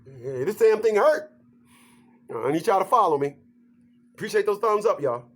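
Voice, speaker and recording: A man vlogger ranting to camera in a joking, animated way, laughing through his points. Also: sits high, moderate pace. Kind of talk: comedic rant to camera.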